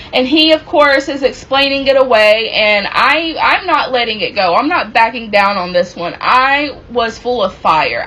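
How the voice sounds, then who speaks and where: A woman casually telling a personal story from her relationship, animated and acting out what people said. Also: high-pitched, rough recording. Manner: animated, reenacts quoted dialogue.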